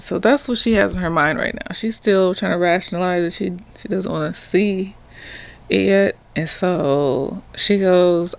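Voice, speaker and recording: A woman's voice: fairly low pitch, measured pace. Brief: woman, therapist, slightly tipsy, casual profane recap, rambling. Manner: rambling, profane, laughs often. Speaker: therapist reviewing a TV episode.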